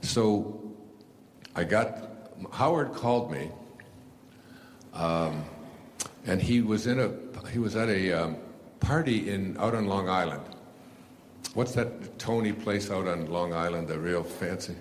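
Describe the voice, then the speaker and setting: An older man with a very low voice tells a loose, meandering story to a live audience, stopping and restarting often. A faint hum of ambience sits under him. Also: slow pace, long pauses. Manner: rambling, many fillers and restarts. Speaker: author and speaker.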